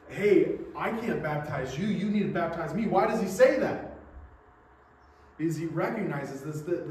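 In a church sanctuary, a male pastor preaches a sermon, laying out his points earnestly and posing rhetorical questions. His voice sits on the high side and is a little mellow. The mic is distant in an echoey hall, with slight background noise.

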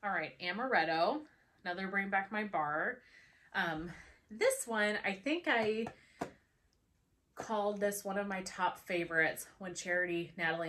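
A woman's voice: lowish voice, a bit bright, slight background noise. A woman chatting casually in a product review vlog, talking straight to her viewers in a chatty, enthusiastic way. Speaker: home fragrance vlogger.

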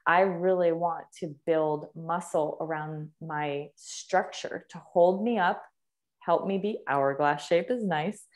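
Enthusiastic woman, slightly low voice. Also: takes it slowly. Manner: enthusiastic, emphatic, repeats words for stress. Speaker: fitness trainer and guest. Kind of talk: conversational podcast interview.

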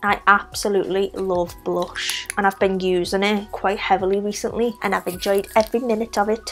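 Chatty Scouse woman doing a makeup tutorial. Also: mid-range voice. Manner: chatty, talks through each step while applying makeup. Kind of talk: casual makeup tutorial narration.

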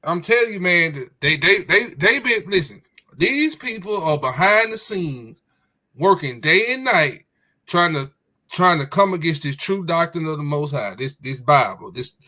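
Bright-voiced preachy man. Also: fairly high pitch, animated. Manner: preachy, emphatic, drawn-out stresses. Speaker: podcast co-host. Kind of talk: casual religious discussion.

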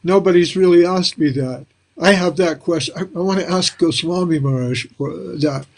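A man's voice: a little high, moderate pace. An older man hosting a casual interview, talking in a reflective, rambling way with many fillers. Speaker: host.

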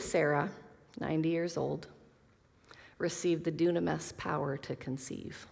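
A woman's voice: low-pitched, gravelly. Woman teaching the Bible in an echoing hall. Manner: earnest, reads scripture aloud, casual asides. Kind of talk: Bible teaching to a women's group. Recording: long reverb of a hall.

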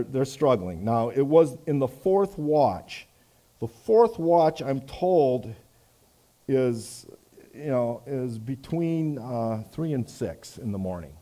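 A man preaching a sermon, reading scripture aloud and adding conversational asides in a church. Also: mid-range voice. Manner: conversational, many "you know" asides, swings between loud reading and quiet reflection. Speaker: pastor.

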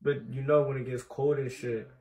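A man's voice: mid-range voice, fairly even intonation, moderate pace, darkish tone, rough recording. A young man as a guest on a casual livestream chat, laid-back and rambling, with loose slangy phrasing.

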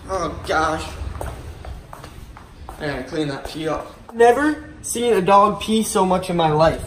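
A young man vlogging casually, excitable and out of breath after chasing animals outdoors. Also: high-pitched, normal speed, a little hiss or hum. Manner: excitable, yells in panic. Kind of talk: casual vlog narration. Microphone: handheld camera.

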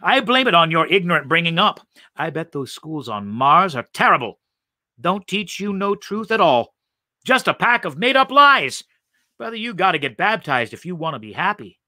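Man putting on a loud, zealous street-preacher woman. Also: fairly high pitch, very animated, moderate pace, no echo, clean studio sound, voice pushed up, heavily acted. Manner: scolding, zealous, folksy dialect. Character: pushy preachy street evangelist woman with tambourine.

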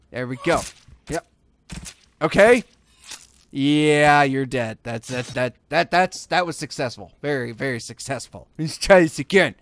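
A young man hosting a gaming video, giving casual gameplay commentary and swearing and yelling at the game as he plays. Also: on the high side, moderate pace, slight background noise. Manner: excitable, swears and yells at the game.

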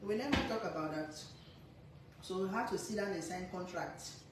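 A woman and mother chatting casually to camera, lecturing her kids in a half-joking, animated way with lots of repetition. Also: on the low side, moderate pace. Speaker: cooking vlogger and mother. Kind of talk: casual family chat to camera. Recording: echoey room, faint background noise.

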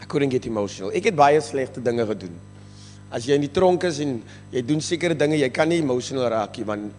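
A man's voice: mid-range voice, a little hiss or hum. Emotional South African man in a church hall. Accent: South African English. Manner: emotional, earnest, switches between English and Afrikaans. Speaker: rehab ministry member giving thanks. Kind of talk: church testimony. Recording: reverberant church hall with faint music.

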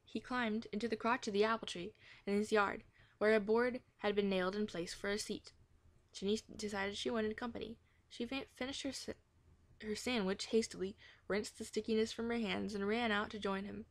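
A woman reading a children's chapter book aloud in a gentle manner, now and then correcting herself. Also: medium pitch, steady tone, normal speed. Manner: gentle, with occasional self-corrections. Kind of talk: storybook read-aloud.

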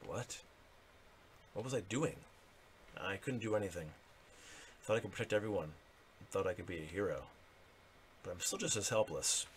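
A man's voice: sits low, normal speed, long pauses, slight background noise, close to an everyday voice. Give me a man playing a brooding, guilt-ridden young male hero in a game. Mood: remorseful.

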